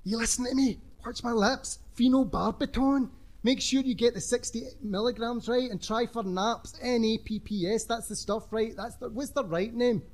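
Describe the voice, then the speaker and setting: A man's voice: very high-pitched, fairly even intonation, moderate pace, hardly any pauses, voice pushed up. A man reading a story, voicing a cocky, streetwise teenage boy who lectures in a bossy, insistent way. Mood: hushed, insistent.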